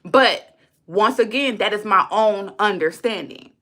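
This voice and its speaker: Woman, livestreamer, bright forceful voice, blunt, profane, heated, repetitive. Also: medium pitch, a little slow. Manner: repeats lines for emphasis. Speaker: livestreamer talking to her chat. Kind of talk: unscripted livestream rant.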